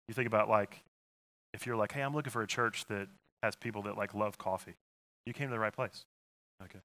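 A middle-aged male pastor preaches in a sermon, setting up call-and-response with his congregation. His voice sits a little low but rings bright and forceful. He voices Jesus' answers in quotes. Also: steady tone, quick pace.

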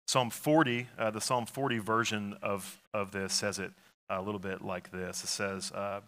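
A man's voice: on the low side, flat delivery, moderate pace, fairly bright tone. A man preaching a sermon in an earnest, conversational way, with frequent fillers and restarts. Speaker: pastor.

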